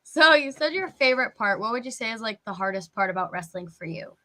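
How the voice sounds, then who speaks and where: A woman's voice: fairly high pitch, lively intonation, fast talker, bright, forceful tone. A woman hosting a casual interview, chatty and giggly, with lots of filler words. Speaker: podcast host.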